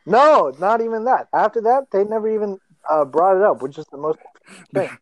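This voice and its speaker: A young man co-hosts a podcast, telling a story in easygoing chat while laughing often and acting out the voices of the people involved. His voice is high-pitched and moves at a moderate pace. The audio sounds dull, with no room sound.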